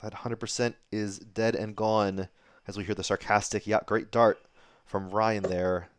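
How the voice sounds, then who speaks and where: A man doing live darts commentary, getting excited on big throws. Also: lowish voice, a little slow, smooth, no echo. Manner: excitable, rises sharply on big moments.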